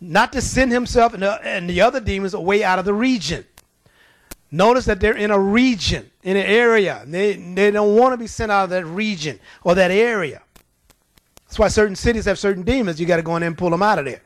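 A man preaching a sermon, telling Bible stories with lively, acted-out voices. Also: sits high, fairly quick, no echo. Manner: animated storytelling with acted-out voices.

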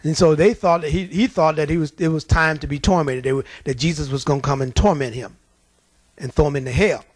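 A male preacher delivering a lively, folksy sermon, telling stories with laughter and reading scripture slowly. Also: a little high, no room sound. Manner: animated, folksy, laughing at his own stories; reads scripture slowly and deliberately.

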